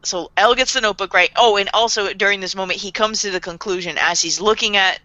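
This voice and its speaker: Woman, bright forceful voice, casual anime recap chat, rambling, dull lo-fi dry recording. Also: mid-range voice, quick pace, dry recording. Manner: rambling, acts out characters' lines, laughs often. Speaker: podcast co-host.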